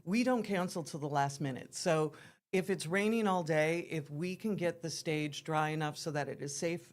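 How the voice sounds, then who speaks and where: A woman's voice: deep voice, moderate pace. A woman from the theater scene, a guest on a morning TV chat show, explaining things eagerly and at length. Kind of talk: casual interview.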